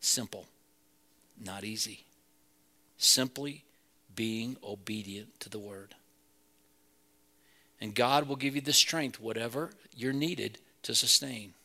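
A man's voice: medium pitch, takes it slowly, long pauses, pushed and bright. A man preaching a sermon as pastor, earnest and building to emphatic peaks.

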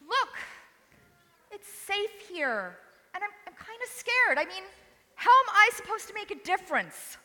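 A woman's voice: very high voice, very animated, measured pace, bright, forceful tone, full character voice. A woman playing a hesitant new believer. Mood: stubborn. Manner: hesitant, self-conscious. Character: nervous young woman, new to faith. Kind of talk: live church camp skit. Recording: reverberant hall.

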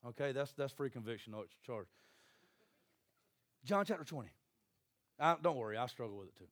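A man's voice: mid-range voice, animated, a little fast, a bit bright, no room sound. A man preaching a sermon, folksy and joking, acting out Bible scenes in little voices. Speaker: pastor.

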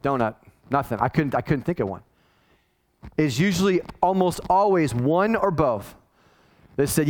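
A man's voice: a little high, expressive, normal speed, long pauses. A man in his forties, a pastor, preaching a conversational sermon that is full of restarts and acted-out quotes.

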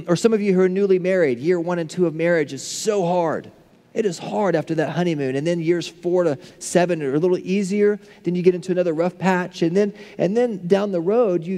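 A male pastor preaching a sermon, building to impassioned peaks and then falling to hushed, soft prayer. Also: sits high, in a large hall. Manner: impassioned, rising to near shouts then dropping to hushed tones.

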